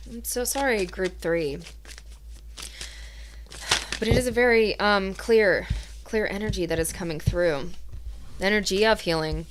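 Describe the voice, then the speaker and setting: Woman tarot reader, soft and earnest, emotional, mid pitch. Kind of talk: tarot reading.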